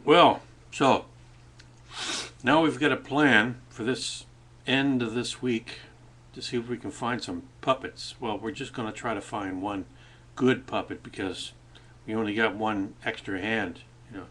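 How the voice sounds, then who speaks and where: A man with a fairly low voice chats casually into a webcam from a cafe. He rambles loosely and keeps stopping and restarting his sentences, with plenty of uhs and you-knows. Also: fairly even intonation, unhurried, a bit bright. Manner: rambling, with many fillers and restarts. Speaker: vlogger.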